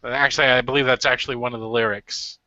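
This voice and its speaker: A man's voice: medium pitch, fairly even intonation, quick pace, sharp tone, dry recording. Guy hosting a hangout, rambly and jokey, dry lo-fi call sound. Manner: rambling, joking, reads viewer questions. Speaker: hangout host. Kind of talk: casual group video chat. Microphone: video call mic. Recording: slightly muffled lo-fi call audio.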